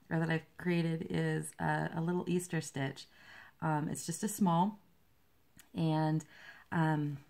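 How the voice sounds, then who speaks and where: A cross-stitch designer and vlogger with a low, gravelly voice chats casually while stitching, rambling loosely about her work. She pokes fun at herself and keeps getting distracted by her pets.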